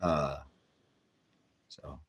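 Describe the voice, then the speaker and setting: A man's voice: rumbling low, fairly even intonation, drawn-out words, fairly bright tone. A man in his fifties hosting a live chat, bluntly firing back at trolls with repeated retorts. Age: 50s. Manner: combative, answering trolls in chat. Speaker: livestream host.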